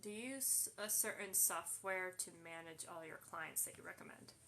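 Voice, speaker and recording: A woman's voice: fairly low pitch, moderate pace, gravelly, bright, forceful tone, slight background noise. A woman hosting a casual live Q&A, reading viewer questions aloud and answering them with plenty of fillers. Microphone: phone livestream.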